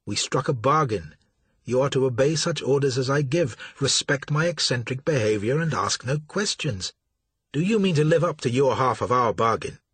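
Man doing a cold scary pale guy, low slow formal, husky. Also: animated, a bit bright, no room sound. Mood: stern. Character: cold, menacing pale man, commanding and aloof.

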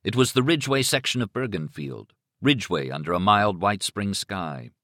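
A man narrating an audiobook in a measured, suspenseful storytelling manner on a close studio mic. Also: lowish voice, lively intonation, bright, forceful tone, no room sound. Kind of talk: scripted narration.

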